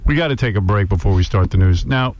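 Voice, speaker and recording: A man's voice: lowish voice, fast talker, no room sound. Wry male radio host telling a story. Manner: wry, animated anecdote-telling. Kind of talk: radio talk show banter and storytelling. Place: radio studio.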